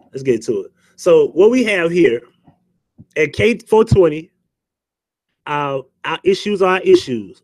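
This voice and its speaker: Male livestream host, animated and profane, talks close to a dry mic. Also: on the high side, no room sound. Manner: profane, joking banter, greets chatters. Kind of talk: casual livestream commentary.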